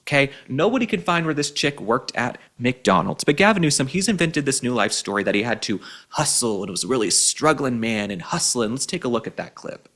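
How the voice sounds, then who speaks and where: A man's voice: mid-range voice, lively intonation, brisk, a bit bright. A young adult man hosting an opinion commentary show, sarcastic, mocking and emphatic. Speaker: show host.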